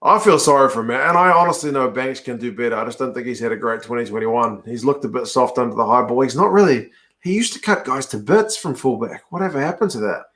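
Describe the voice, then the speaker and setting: A man's voice: mid-range voice, fast, a bit bright. A man hosting a casual rugby watch-along, reacting aloud to the play and chatting with viewers.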